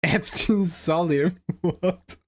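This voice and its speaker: A woman's voice: on the low side, extremely slow, a little mellow. A woman streamer chatting casually with viewers, laughing often and speaking with non-native phrasing. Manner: giggly, laughs often while answering chat. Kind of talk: casual live-stream chat.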